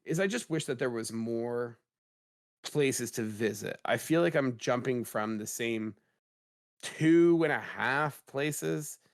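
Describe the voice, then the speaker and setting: A man in his thirties hosting a gaming podcast in a casual, jokey way, his voice a little rough from a cold. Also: medium pitch, takes it slowly. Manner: animated, jokey, rising emphasis. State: slightly rough voice after a cold. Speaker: podcast host.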